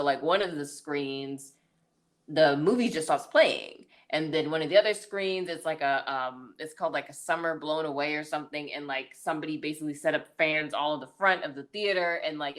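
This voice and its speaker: A woman co-hosting a podcast, casually recapping a film's plot with lots of "like" and "um" and the odd laugh. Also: low-pitched. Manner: chatty, full of "like" and "um"; laughs now and then mid-story. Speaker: podcast co-host. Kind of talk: casual movie review recap.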